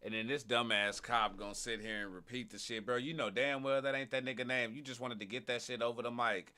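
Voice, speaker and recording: Male streamer, bright and forceful tone, rambling profane reaction commentary. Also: medium pitch, steady tone, a little fast, smooth. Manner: loud, profane, repeats himself, laughing asides. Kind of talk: casual live reaction commentary.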